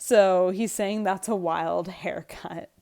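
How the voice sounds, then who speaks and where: A woman's voice: fairly low pitch, fairly even intonation, slow pace, gravelly, warm tone. A woman English teacher reading a play aloud to her class and explaining the lines in plain, casual words.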